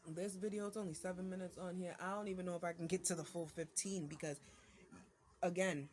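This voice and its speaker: A woman's voice: lowish voice, fairly even intonation, fairly quick, darkish tone, slight background noise. Irritated woman ranting to camera. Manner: irritated and ranting, many fillers and restarts. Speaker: mother venting to viewers. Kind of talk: casual venting monologue to camera.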